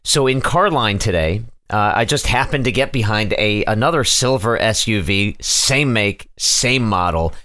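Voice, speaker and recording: Stammering, animated dad podcast host. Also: male voice, on the low side, a little slow, hardly any pauses, dry recording, clean studio sound. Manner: animated storyteller, frequent stammers and restarts. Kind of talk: casual family podcast chat.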